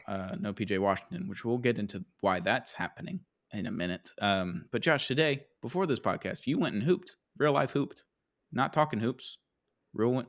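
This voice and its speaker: A young man hosting a casual sports podcast, upbeat and full of fillers. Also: lowish voice. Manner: upbeat, quick sponsor reads with filler words. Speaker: podcast host.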